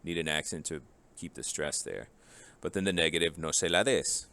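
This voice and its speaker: Very deep-voiced man teaching a lesson. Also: normal speed, vocal fry, bright, forceful tone, smooth. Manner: casual and joking, drills forms one by one. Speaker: Spanish teacher. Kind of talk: recorded grammar lesson.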